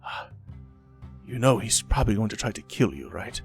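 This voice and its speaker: A man's voice: lowish voice, very animated, moderate pace, soft background music. A man voicing a wary, dry-humored male guide in a tabletop game.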